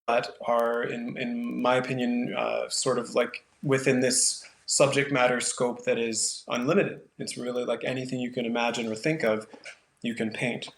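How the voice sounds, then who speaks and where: A man's voice: mid-range voice, flat delivery, normal speed, gravelly, roomy sound. A man, a painter from Canada, talking casually in an interview and thinking aloud with lots of fillers. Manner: thoughtful, rambling with many fillers. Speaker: painter, guest.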